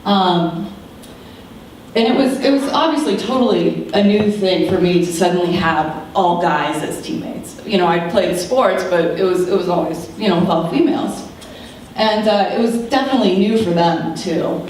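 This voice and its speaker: A woman in her thirties giving a keynote speech, telling a personal story in an animated way and acting out the voices of the people in it. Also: on the low side, moderate pace, slight background noise. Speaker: keynote speaker. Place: large lecture room. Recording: very echoey hall, distant mic.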